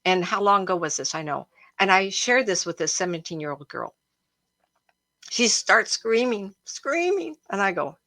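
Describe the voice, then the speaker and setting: A woman's voice: medium pitch, big pitch swings, moderate pace, sharp tone, no echo. A woman hosting a live stream as a psychic. She tells stories in a chatty, emotional way and talks to her viewers directly. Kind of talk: casual storytelling to a live audience. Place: home, a cat jumping around.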